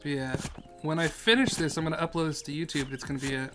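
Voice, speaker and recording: Over background music, a man with a fairly high, steady voice talks quickly as he plays a game live. His commentary is casual and silly, and he reads the chat's questions aloud before answering.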